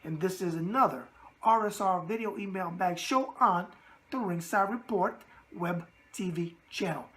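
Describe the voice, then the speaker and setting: A raspy-voiced man with a New York accent runs a boxing mailbag show. He talks in a brash, streetwise way and keeps coming back to his catchphrases. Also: high voice, normal speed, fairly bright tone. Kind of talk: casual boxing mailbag talk.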